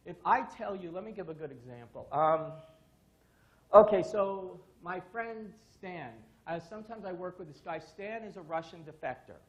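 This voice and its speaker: A man's voice: high-pitched, expressive, normal speed, muffled recording. A man giving a conference talk to an audience, telling casual stories with the odd curse word. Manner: casual, profane, storytelling. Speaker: conference speaker. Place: conference stage before an audience.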